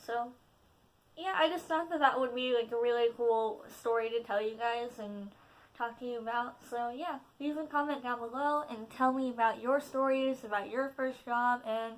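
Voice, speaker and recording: Brief: teen girl vlogger, slightly high voice, rambling and self-deprecating, filler-heavy storytime. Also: normal speed. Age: teens. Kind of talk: casual storytime vlog.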